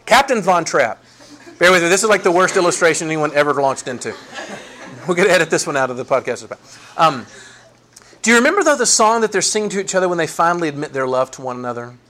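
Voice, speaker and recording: A man preaching a sermon, animated and playful, acting out the people in the story. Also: a little high, fast talker. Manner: animated, voices Bible figures with playful asides. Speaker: pastor.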